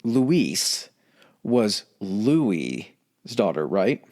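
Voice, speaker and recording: A man's voice: fairly low pitch, extremely slow. A man co-hosting a history podcast, joking around, swearing and asking questions in a casual way. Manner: joking and animated, swears, acts out little scenes.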